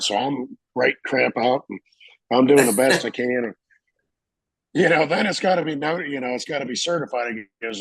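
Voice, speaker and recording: A Marine veteran telling a story in a casual interview, acting out the voices of people in it and laughing often. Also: male voice, mid-range voice, brisk, vocal fry, a bit bright, slightly rough, dry recording, poor audio.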